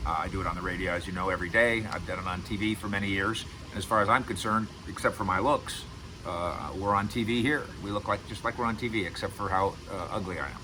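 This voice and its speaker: A man's voice: low-pitched, fast, background noise. A middle-aged man giving casual sports commentary to camera as host, emphatic and repeating words for stress. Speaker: sports radio and video host.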